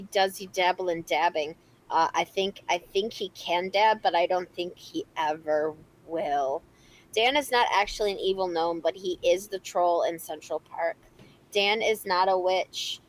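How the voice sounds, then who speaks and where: A woman with a mid-range voice co-hosts a live stream, reading viewer questions from the chat and answering them casually. She is playful and rambling, giggling and saying "um" a lot, and seems to be in a home studio, though the audio quality is poor.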